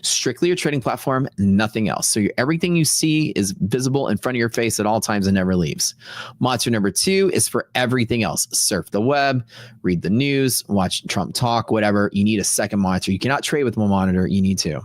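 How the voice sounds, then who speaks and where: Talking fairly quickly in a lowish voice, this man hosts a casual livestream, wandering off topic and saying things twice to drive them home. A close studio dynamic mic in his fiberglass-paneled, sound-dampened home room leaves no trace of room sound.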